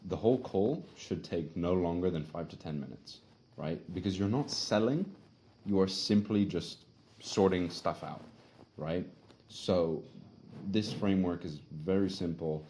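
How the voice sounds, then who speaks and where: A young man coaching new sales reps in an easygoing, conversational teaching voice. He keeps checking in with his listeners as he goes. His voice sits deep and sounds mellow. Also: a little slow, a little hiss or hum. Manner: conversational, frequent tag questions. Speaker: sales trainer. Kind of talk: casual instructional talk.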